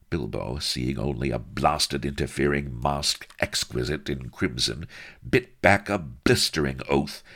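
A man's voice: very deep voice, creaky, a bit bright. A man reading a story aloud with playful, theatrical storytelling. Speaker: audiobook narrator. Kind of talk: scripted narration.

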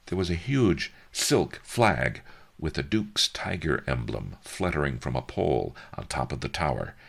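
A man's voice: rumbling low, vocal fry, a bit bright, husky. A man narrating an audiobook in a wry, dry storytelling manner.

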